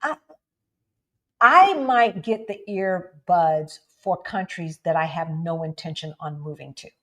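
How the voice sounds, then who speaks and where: Chatty woman, slightly low voice. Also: slow. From United States. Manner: chatty, keeps asking "right?" and addressing viewers as "y'all"; animated, jumps up in pitch for emphasis. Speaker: livestream co-host. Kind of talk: casual livestream chat.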